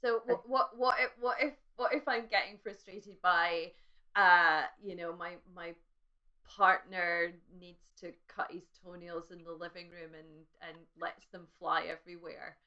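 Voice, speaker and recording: Playful, chatty woman host, bright voice. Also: on the low side, fairly even intonation, a little slow. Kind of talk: casual interview. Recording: muffled.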